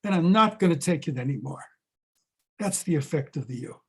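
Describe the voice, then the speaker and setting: A man's voice: a little high, animated, fairly quick, fairly bright tone, slightly rough. An older man, a rabbi, teaching a scripture class in a dramatic way, repeating key words for emphasis. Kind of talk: slow, emphatic scripture lesson.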